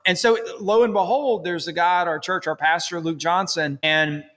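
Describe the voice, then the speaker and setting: Enthusiastic man with a slightly high voice. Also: fairly even intonation, moderate pace, a bit bright, long reverb tail. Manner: enthusiastic, rambling storyteller. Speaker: podcast guest, hotel owner. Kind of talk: casual conversational interview.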